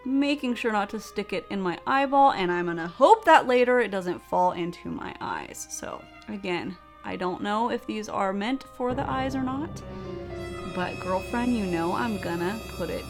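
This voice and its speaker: A woman's voice: medium pitch, lively intonation, measured pace, faint music behind. A young woman narrating a makeup tutorial, bubbly and chatty, with playful sound effects as she works. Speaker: beauty vlogger.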